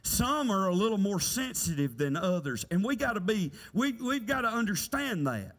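High, bright-voiced preacher. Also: male voice, big pitch swings, normal speed. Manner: folksy, conversational preaching with rhetorical questions. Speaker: pastor. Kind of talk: sermon. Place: church sanctuary. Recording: church hall reverb.

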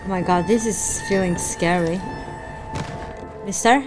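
Female let's-play streamer; slow, jumpy, exclaiming; game music mixed in. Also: on the low side. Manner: jumpy, excitable, gasping and exclaiming. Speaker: gaming streamer.

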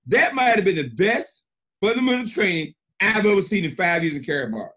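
A middle-aged man on a conference call, emphatic and animated, often repeating himself. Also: high voice, fairly quick. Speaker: senior partner and mentor. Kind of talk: excited conference-call praise.

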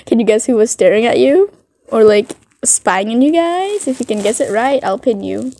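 A woman tells an improvised fan story in a rambling, casual way, filling gaps with constant fillers. Her voice is somewhat high and mellow, recorded dry and close. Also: sing-song, a little slow, no room sound. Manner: rambling, filler-heavy, giggly.

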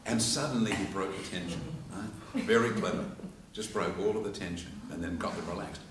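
An Australian man with a slightly low voice teaches public speaking to a live audience, talking a little fast. He is an animated storyteller who acts out quotes and laughs along in this informal lecture with demonstrations. The recording sounds like an echoey hall picked up from a distance, with background noise.

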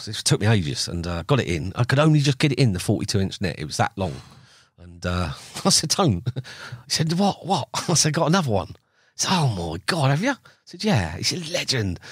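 A man's voice: medium pitch, sing-song, fairly quick, breathy edge, dry recording, clean studio sound. Chatty middle-aged man telling fishing stories. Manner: chatty, acts out quoted dialogue with laughs. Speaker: podcast guest, carp angler. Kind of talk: casual storytelling.

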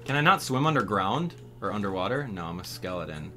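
Excitable man narrating a game walkthrough. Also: fairly low pitch, a little fast, hardly any pauses, soft background music. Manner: excitable, frequent exclamations. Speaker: gaming channel host.

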